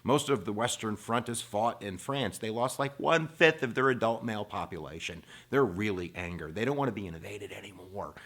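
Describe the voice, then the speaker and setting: Lively, joking male history teacher. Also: fairly low pitch. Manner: animated, playful and informal, with bursts of emphasis. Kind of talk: energetic video lecture.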